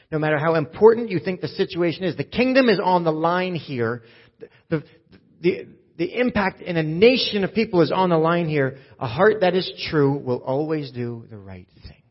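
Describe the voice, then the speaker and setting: A pastor preaches in a husky, mid-pitched man's voice. He drops to near a whisper, then builds to loud, urgent appeals. The recording sounds dull and muffled. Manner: swings from hushed to loud and urgent. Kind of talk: sermon.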